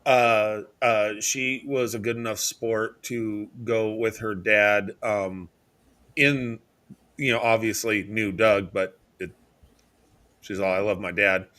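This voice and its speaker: A man's voice: on the low side, steady tone, slow pace, fairly bright tone. A man in his fifties co-hosting a casual comedy show, often stammering and restarting his sentences. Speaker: co-host.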